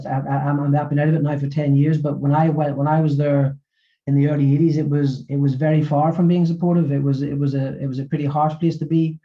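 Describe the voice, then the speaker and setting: A middle-aged man, an author and former physiotherapist, speaking in a webinar interview and talking haltingly with many repeated words. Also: fairly high pitch, highs cut off.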